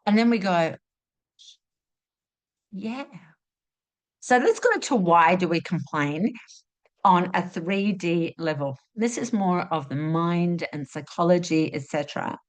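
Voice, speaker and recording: A woman giving a spiritual teaching talk, asking rhetorical questions and acting out inner voices in an expressive way. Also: lowish voice, slow, long pauses. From Australia.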